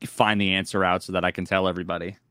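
A man with a low, bright, crisply clear voice vents in casual podcast talk. He swears and trips over his own restarts. The recording is dry and close. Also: little pitch movement, racing, dry recording. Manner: frustrated ranting, swears, restarts sentences. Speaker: podcast co-host. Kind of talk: casual chat.

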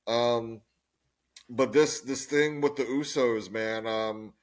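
A man's voice: medium pitch, fairly even intonation, slow. Hesitant man musing with many fillers. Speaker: wrestling podcast co-host. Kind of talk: casual review chat.

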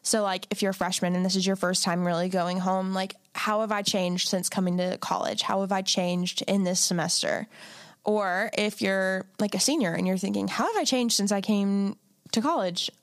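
A young woman on a podcast, thinking aloud and offering gentle advice in easy, meandering sentences. Her voice is mid-pitched and recorded dry and close, with no room sound. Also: fairly even intonation, moderate pace, no room sound. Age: young adult. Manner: reflective, gently advising, many "like" fillers. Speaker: podcast co-host. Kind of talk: casual chat.

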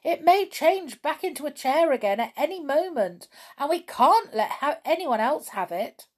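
A woman voicing an excitable young male pixie in a children's storybook reading, with urgent, dramatic exclamations. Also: on the high side, slow, pitched above the performer's own voice. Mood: excited.

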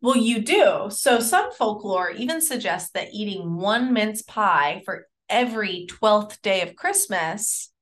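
A young woman co-hosting a relaxed podcast chat. She giggles often and talks loosely, filling her sentences with "like". Her voice sits at an ordinary pitch for a woman. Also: slow, hardly any pauses. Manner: giggly, chatty, says "like" a lot. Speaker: podcast co-host. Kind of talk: casual chat.

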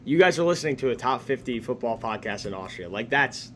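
A young man from the Chicago area with a slight Chicago accent, co-hosting a live sports podcast in casual chat, excitable and cursing freely. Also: medium pitch, slight background noise. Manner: excitable, swears freely, quick to laugh. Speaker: podcast co-host.

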